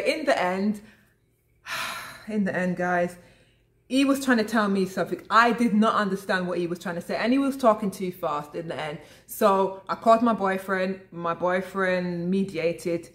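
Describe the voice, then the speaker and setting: Chatty woman vlogger talking to camera. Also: mid-range voice. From lives abroad in Italy. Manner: chatty, addresses viewers as guys, frequent restarts. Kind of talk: casual vlog chat to camera.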